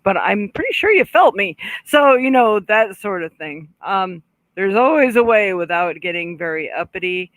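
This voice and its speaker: Woman psychic, live-stream host, conversational and warm-toned chatter, dry close-miked recording. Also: on the low side, no echo, low-quality recording. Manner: chatty, reads out viewer comments, relays spirit messages; frequent throat clearing and small laughs. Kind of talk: casual live-stream chat and card reading.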